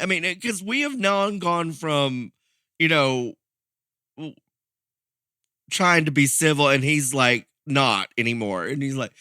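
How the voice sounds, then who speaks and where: Lively, bright-voiced man telling a story. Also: a little high, moderate pace, no room sound, studio quality. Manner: animated, laughing, acts out quoted voices. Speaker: podcast co-host telling a story. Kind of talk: casual storytelling chat.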